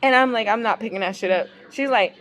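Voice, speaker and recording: Woman, vlogger, casual storytime, exasperated, profane, animated, slightly high voice. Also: fast talker. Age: adult parent.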